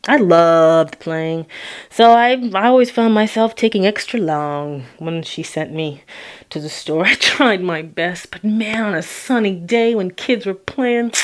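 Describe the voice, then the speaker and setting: Reflective storytelling woman. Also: mid-range voice. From Toronto, Canada. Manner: reflective, with long pauses. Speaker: narrator. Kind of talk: personal storytelling.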